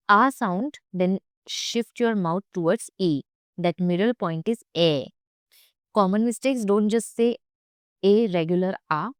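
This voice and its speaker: A woman's voice: lowish voice, clean tone, dry recording, clean studio sound. A young woman teaching German pronunciation, speaking carefully and repeating each sound for learners. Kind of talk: pronunciation lesson.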